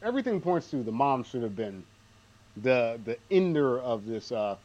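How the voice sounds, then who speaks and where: A man's voice: medium pitch, sing-song, normal speed, a little mellow. Male podcast co-host, dry and rambling, slightly dull recording. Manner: rambling, self-deprecating, dry asides. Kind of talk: casual movie recap chat.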